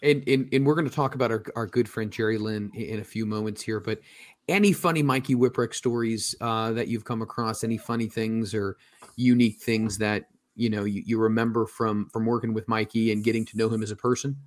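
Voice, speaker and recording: Male host with a lowish voice, recorded dry and close, easygoing and conversational. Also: steady tone, a little fast, no room sound. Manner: conversational, asks long rambling questions. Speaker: interview host. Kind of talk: casual interview.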